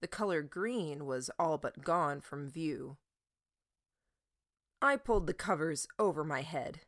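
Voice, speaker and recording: A woman reading an audiobook chapter aloud in a measured way. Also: deep voice, expressive. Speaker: audiobook narrator. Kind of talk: audiobook narration.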